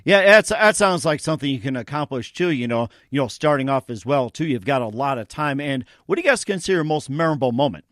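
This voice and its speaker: A man's voice: mid-range voice, animated, quick pace, hardly any pauses, a bit bright, no echo, studio quality. A man hosting a casual interview show, chatty, often laughing and repeating himself. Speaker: talk show host.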